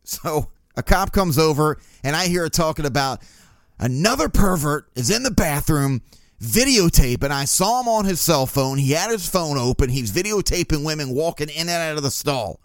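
A man's voice: on the high side, lively intonation, moderate pace, dry recording, clean studio sound. A male podcast host telling a profane, laugh-filled anecdote in a casual storytelling style.

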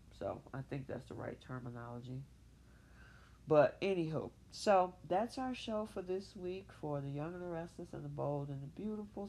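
A woman hosting a soap opera recap show solo, talking animatedly and opinionatedly, with a casual style. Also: sits low. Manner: animated, opinionated, speaks for characters in her own voice. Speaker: podcast host.

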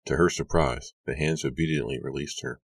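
A man narrating a horror audiobook in a hushed, suspenseful storytelling manner. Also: rumbling low, fairly even intonation, brisk, dry recording.

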